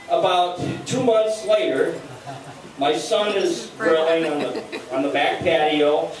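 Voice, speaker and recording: An older man spins a lively anecdote, voicing both sides of the dialogue. His voice sits a little high for a man. It was caught by a camera some way off in a very echoey room, with steady background noise. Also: far from the mic. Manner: chatty, animated, with repeated quoted dialogue. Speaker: storyteller. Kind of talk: casual anecdote told to listeners. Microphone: handheld video camera some distance away.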